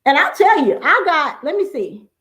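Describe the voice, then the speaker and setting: A woman hosting a talk show, speaking in a warm, affirming way and encouraging her guest. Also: high-pitched, big pitch swings, normal speed. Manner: warm, affirming, uses endearments.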